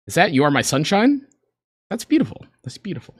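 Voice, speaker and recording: With a somewhat high, breathy voice that swings hugely in pitch, a man talks a little fast on a reaction stream. He rambles, pokes fun at himself, and jokes with chat, recorded in clean studio quality with no echo.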